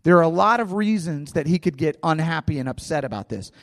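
A man's voice: fairly high pitch, animated, fairly quick. A male pastor preaching a sermon in a conversational way, telling stories and often restarting his phrases. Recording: long hall reverb.

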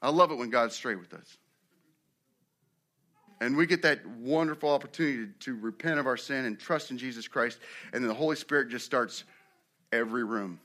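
A man preaching a sermon as pastor, animated, acting out quotes with sudden rises and drops in loudness. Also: medium pitch, a little fast, pauses often.

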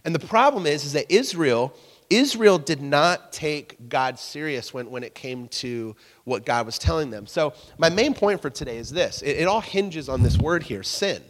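A man's voice: on the high side, animated, normal speed. A young man preaching a sermon as pastor, telling stories in a casual, self-deprecating way and asking the congregation questions. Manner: conversational storytelling, self-deprecating. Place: church hall. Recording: long reverb of a church hall.

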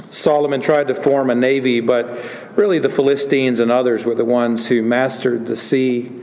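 A man delivers an earnest sermon, his pitch rising when he presses a point. His voice sits in the middle range and carries a long hall reverb. A faint hum of room noise sits underneath. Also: darkish tone. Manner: earnest preaching with rising emphasis. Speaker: pastor.

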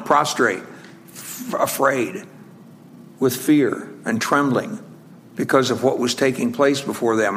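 A man preaching a sermon in a conversational, halting way, with frequent pauses and restarts, slowing down to stress scripture phrases. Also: mid-range voice, fairly bright tone.

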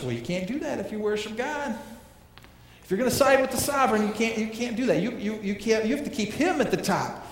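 A man's voice: high-pitched, lively intonation, brisk, slight background noise. Emphatic male pastor in an echoey hall. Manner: emphatic, repeats phrases, asks rhetorical questions. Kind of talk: sermon. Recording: echoey hall reverb, faint ambience.

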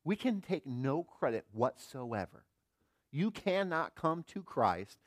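A middle-aged man preaching a sermon as pastor, earnest, firing rhetorical questions and swinging between quiet and emphatic delivery. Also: mid-range voice, big pitch swings, measured pace, no room sound, clean studio sound.

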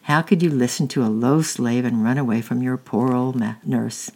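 Reader voicing a frantic old nurse, storybook, fussy, shrill, pleading. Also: fairly even intonation, moderate pace, darkish tone, slightly rough.

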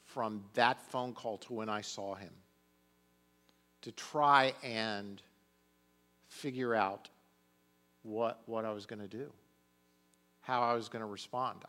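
A middle-aged man preaching a sermon as a pastor. He tells a personal story earnestly, dropping to a hush at tender moments and rising into fervent prayer. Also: on the low side.

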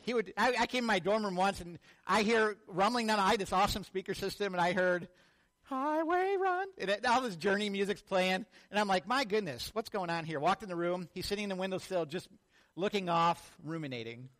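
A man preaching a sermon as a pastor, telling stories and acting out the people in them. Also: high voice. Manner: animated storytelling, acts out quotes.

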